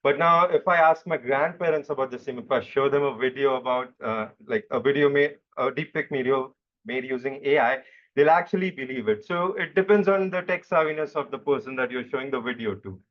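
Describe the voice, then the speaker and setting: A young man answering interview questions in a relaxed, explanatory way, often stopping and restarting. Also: medium pitch, a little fast. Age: young adult. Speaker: interview guest. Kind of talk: casual chat. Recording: dull lo-fi microphone.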